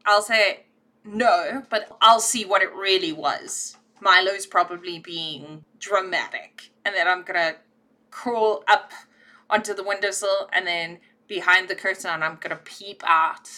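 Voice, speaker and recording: A woman takes part in a tabletop role-playing game as a player. She describes her character's actions briskly and decisively, in a bright voice. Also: mid-range voice.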